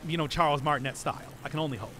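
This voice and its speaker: A man's voice: fairly high pitch, fairly even intonation, racing, a bit bright, faint music behind. A man streaming a game and chatting casually, repeating himself and laughing often. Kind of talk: casual live-stream chat while playing.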